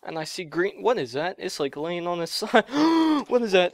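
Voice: medium pitch, lively intonation, unhurried, vocal fry, no room sound, clean studio sound. A gamer giving let's play commentary while thinking aloud, gasping and yelping whenever something surprising happens.

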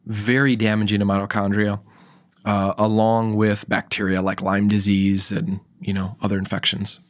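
A guest health expert on a podcast tells a personal story casually in a lowish, fairly flat voice at a moderate pace. He acts out the quoted dialogue emphatically, with fillers and restarts, in a dry, clean studio recording.

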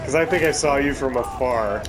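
A man's voice: medium pitch, moderate pace, background noise. A man giving casual, profane gameplay commentary, laughing often and trash-talking his opponents.

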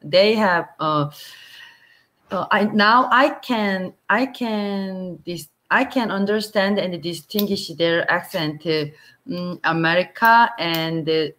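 A woman learning English, speaking haltingly and searching for words on a video call. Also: fairly low pitch, a bit bright. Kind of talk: casual conversation lesson.

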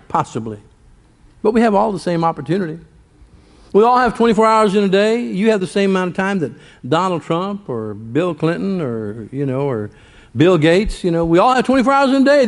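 A man's voice: fairly high pitch, darkish tone. A male pastor preaching a sermon in church, folksy and conversational, full of rhetorical questions and stories.

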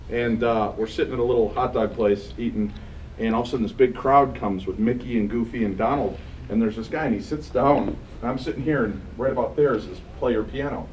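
A man telling funny stories to a live audience, joking and laughing often, his voice a little raw. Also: medium pitch. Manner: jokey, animated, laughing often. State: slightly raw voice. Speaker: convention speaker. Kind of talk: storytelling to a live crowd. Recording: distant mic in a noisy crowded hall.

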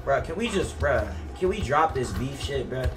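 A man's voice: medium pitch, lively intonation, moderate pace, music in the background. A young man streaming a basketball video game, trash-talking another player in a profane, heated way. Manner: profane, heated, bro-heavy taunting. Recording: distant mic with clear background noise.

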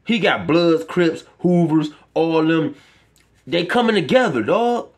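A man's voice: on the high side, takes it slowly. A man, giving an impassioned, profane monologue to his viewers as a vlogger. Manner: impassioned, profane, preachy ranting. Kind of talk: emotional monologue to camera.

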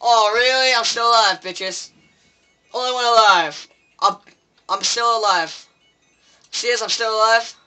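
A man's voice: very high-pitched, unhurried, pauses often, bright, forceful tone, smooth, soft background music. A teenage boy commenting on his own gameplay, swearing and pleading with the game in frustration. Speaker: gameplay video maker.

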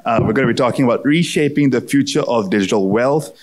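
A man's voice: mid-range voice, fast. A man moderating a conference panel, polished and upbeat with a few fillers.

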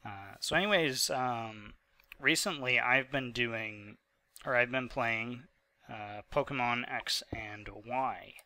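A man's voice: mid-range voice, slow, pushed and bright, no echo. A man of twenty-five, sick and hiccuping, giving rambling, chatty commentary over his own gameplay footage with many fillers. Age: 20s. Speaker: gaming channel host. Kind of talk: casual post-recorded gameplay commentary.

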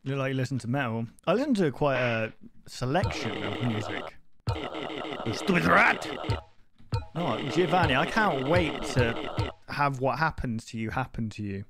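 A man's voice: medium pitch, expressive, normal speed, music in the background. Rambling gaming streamer guy. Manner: rambling, easily sidetracked, swears often. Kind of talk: live-stream gameplay commentary.

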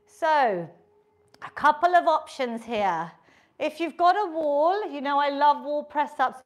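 A middle-aged woman, leading a home workout, counting reps and calmly coaching form. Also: high voice, a little slow. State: out of breath at times. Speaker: fitness instructor. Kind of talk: live workout instruction.

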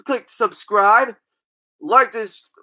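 A woman's voice: on the high side, extremely slow, pushed and bright. A woman telling comedy stories in a rambling, stumbling way, with crude, brash asides. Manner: rambling, stumbling storytelling with restarts. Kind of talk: stand-up style comedy bits.

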